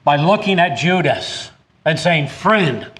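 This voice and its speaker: A man's voice: medium pitch, unhurried. A man preaching a sermon in a church. He reads scripture aloud and rises emphatically on key points, with some hesitant restarts.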